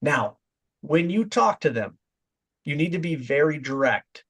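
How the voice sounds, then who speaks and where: Male sales coach, pitch a bit high, direct and confident delivery, acts out examples. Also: big pitch swings, measured pace, a bit bright, husky. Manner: direct, demonstrates voice tones in quoted examples. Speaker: sales trainer. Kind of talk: training talk.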